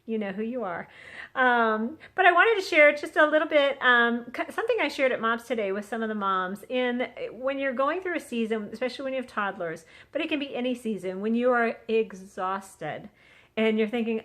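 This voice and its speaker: A middle-aged woman speaking in a casual devotional vlog, her voice sitting a little high. She talks in a chatty, earnest way and recorded herself on a phone held on a selfie stick. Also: animated, moderate pace, fairly bright tone. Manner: chatty, earnest, acts out quotes. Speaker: vlogger sharing a devotional. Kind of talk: casual Christian encouragement vlog.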